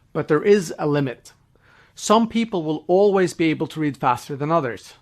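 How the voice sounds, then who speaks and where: A man giving scripted educational narration in an even, explanatory way. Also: on the high side.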